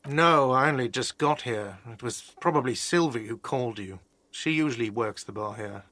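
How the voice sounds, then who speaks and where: A man's voice: medium pitch, moderate pace, bright, forceful tone, no room sound, close to an everyday voice. An actor playing a whiny, defensive male café manager in a video game. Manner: defensive, petulant.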